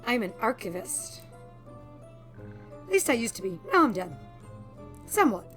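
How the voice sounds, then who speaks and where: A woman's voice: a little high, big pitch swings, normal speed, fairly bright tone, soft background music. A woman reading as a courteous undead archivist. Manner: courteous, old-fashioned phrasing. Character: ancient polite undead male archivist.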